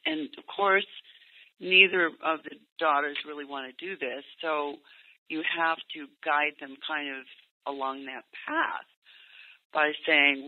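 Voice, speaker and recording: A man coaching parents on a call, speaking gently and acting out what parents and teens might say. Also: fairly high pitch, steady tone, unhurried. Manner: gentle, acts out parent and teen lines in quotes. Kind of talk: coaching session over a call. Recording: tinny phone line, dry.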